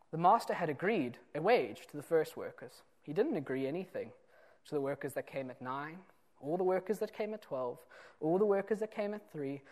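A man preaching a sermon, explaining a parable in an earnest way and moving between loud and soft emphasis. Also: a little high.

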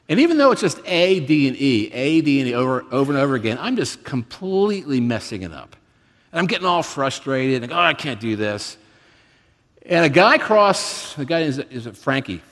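A man's voice: a little high, sing-song, normal speed, fairly bright tone. A man in his fifties, speaking as a guest preacher, gives a sermon in a conversational, storytelling way with self-deprecating humor. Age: 50s. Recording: reverberant hall.

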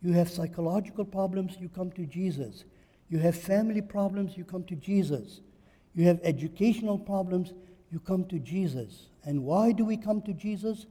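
A man's voice: sits high, normal speed, mellow, long reverb tail. A man preaching a sermon in church, emphatic and repeating phrases for stress. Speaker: pastor.

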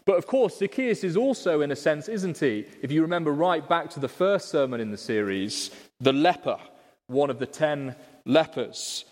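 A man's voice: a little high, lively intonation, moderate pace, big-room sound. A man preaching a conversational sermon, explaining a passage and often asking the congregation rhetorical questions. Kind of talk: expository sermon. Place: church.

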